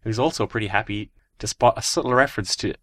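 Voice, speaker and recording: A man's voice: lowish voice, fast talker, fairly bright tone, dry recording. A man co-hosting a podcast reads out listener emails and messages in an easygoing way. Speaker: podcast co-host.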